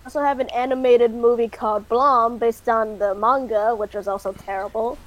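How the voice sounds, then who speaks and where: A woman's voice: a little high, fairly even intonation, moderate pace. A woman in casual chat, dropping brief, blunt interjections. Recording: crowd noise behind.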